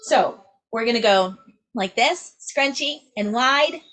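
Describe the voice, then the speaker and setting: A woman's voice: fairly high pitch, lively intonation, takes it slowly, fairly bright tone, faint music behind. Upbeat woman singing teacher, constant "right?". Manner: upbeat, checks in with "right?" constantly, demonstrates sounds. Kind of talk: vocal lesson to camera.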